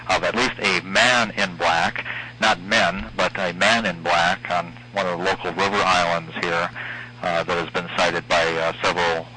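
Male radio host, very low voice, hesitant delivery, noisy broadcast sound. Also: pushed and bright. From Minnesota. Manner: halting, many uhs and restarts. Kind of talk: casual radio call-in conversation. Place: home, calling in.

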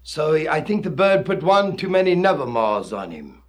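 A man's voice: a little high, very animated, moderate pace. A man performing a comic poem recitation in hipster jive slang, with a theatrical, dramatic delivery.

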